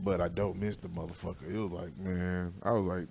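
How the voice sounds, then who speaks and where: A man co-hosting a comedy podcast, excitable and laughing a lot, swinging between loud outbursts and quiet mumbles. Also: low voice, brisk, gravelly, a little hiss or hum. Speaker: podcast co-host. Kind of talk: casual podcast banter.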